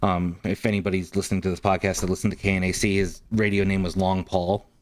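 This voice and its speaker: A man's voice: deep voice, little pitch movement, quick pace. A man guest on a podcast, telling a story casually with many ums and likes. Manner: rambling, frequent ums and likes.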